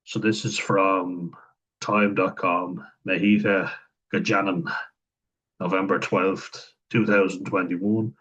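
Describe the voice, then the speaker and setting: A man's voice: low-pitched, flat delivery, slow pace, a bit bright, breathy edge, low-quality recording. An Irish man talking through a series in casual commentary, blunt and chatty, acting out the quoted lines as he goes. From Ireland.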